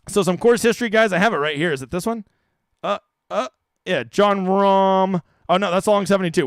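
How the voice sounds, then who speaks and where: A man with a high, lively voice runs a casual live-stream Q&A, reading out chat questions and answering them bluntly, swearing now and then. He talks close to the mic in a dry, dead room with no echo. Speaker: fantasy golf streamer.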